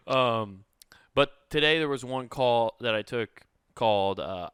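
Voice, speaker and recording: Casual comedian guy, bright and crisp, tells stories with lots of swearing and laughs. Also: mid-range voice, takes it slowly, dry recording, clean studio sound. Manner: animated, profane, laughing storyteller. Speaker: comedian podcast co-host.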